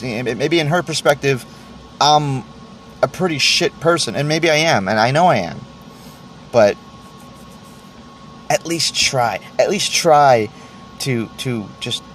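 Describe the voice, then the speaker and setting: A man's voice: mid-range voice, a little hiss or hum. A man hosting a solo podcast, venting in a rambling way, stammering through restarts and swearing freely. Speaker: podcast host.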